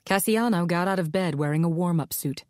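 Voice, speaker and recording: In a fairly low-pitched voice, a woman narrates an audiobook from a script, measured yet expressive. The studio-quality recording is dry.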